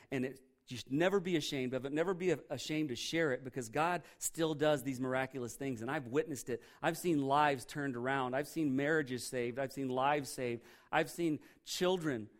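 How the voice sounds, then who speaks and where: Brief: male pastor, lively sermon storytelling, punchy repeats, slightly high-pitched. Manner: emphatic, animated storytelling with repeated phrases. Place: church.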